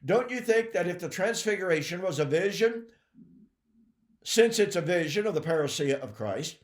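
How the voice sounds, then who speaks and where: Emphatic preaching man, lively high voice. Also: normal speed, echoey room. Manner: emphatic, addresses listeners as folks and ladies and gentlemen; frequent throat clearing. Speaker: Bible teacher. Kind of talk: preaching Bible teaching.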